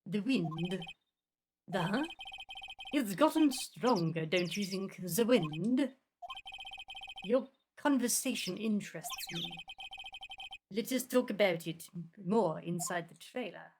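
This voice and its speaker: A woman voicing a cold, aloof woman producer in a haughty, slow, deadpan drawl with a put-on French accent. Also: on the low side, background noise.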